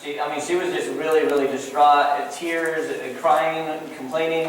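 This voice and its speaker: A man's voice: fairly high pitch, little pitch movement, moderate pace, few pauses. A man giving a sermon as pastor, casual and chatty, telling a joke story and talking to the congregation as "guys.". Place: church sanctuary. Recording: echoey church hall from far off, faint room noise.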